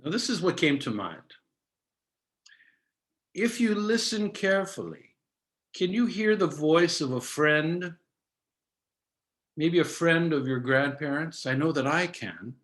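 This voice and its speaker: A man in his seventies from Canada, a cantorial soloist giving a measured, didactic storytelling talk over a video call, sprinkling in Yiddish words. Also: fairly high pitch, expressive, a bit bright.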